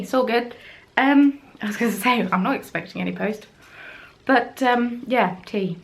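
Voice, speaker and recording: A woman's voice: medium pitch, moderate pace, creaky. A young woman in her twenties, rambling chattily to camera in a self-deprecating home craft vlog. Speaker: craft vlogger. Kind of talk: casual chat to camera. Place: at home, indoors.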